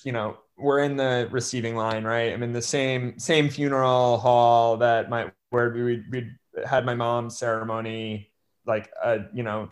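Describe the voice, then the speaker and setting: Earnest young man with halting speech. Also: mid-range voice. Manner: earnest, halting, many restarts and fillers. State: choked up with emotion. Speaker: guest. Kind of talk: conversational interview.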